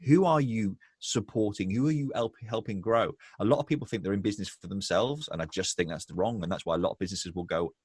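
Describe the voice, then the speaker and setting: Animated low-voiced man telling stories. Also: quick pace, hardly any pauses, slightly rough, dry recording, clean studio sound. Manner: animated storyteller, acts out quoted voices. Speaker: guest, business owner. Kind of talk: conversational interview.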